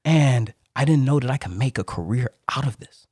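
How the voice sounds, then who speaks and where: A young man from Detroit, a Marine and motivational speaker, telling his story as a podcast guest in a lively, acted-out way. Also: medium pitch, brisk, dry recording, clean studio sound. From Detroit, Michigan. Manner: animated storyteller who acts out quoted voices.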